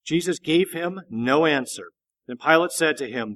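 A man reading a Bible passage aloud in a measured, steady narration. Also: fairly high pitch. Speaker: scripture reader.

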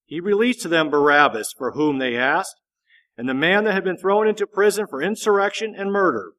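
Man reading scripture, slightly high voice. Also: expressive, a little fast, a bit bright. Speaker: scripture reader.

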